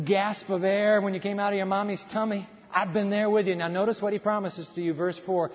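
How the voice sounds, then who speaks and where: A male pastor preaching a sermon, swinging between loud, fervent passages and hushed, quiet ones. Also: high voice, level tone, fairly quick, few pauses. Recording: dull sound in a hall with long reverb.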